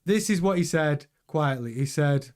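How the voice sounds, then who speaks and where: A man's voice: on the high side, animated, normal speed, darkish tone. Chatty man hosting news. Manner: chatty, rambling, many restarts and fillers. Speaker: news show host. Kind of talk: casual news commentary.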